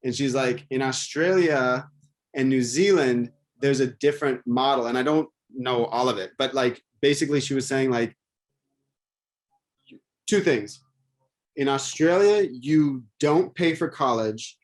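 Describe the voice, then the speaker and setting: A man in casual conversation, rambling and animated, with many restarts and fillers. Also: mid-range voice, a little slow.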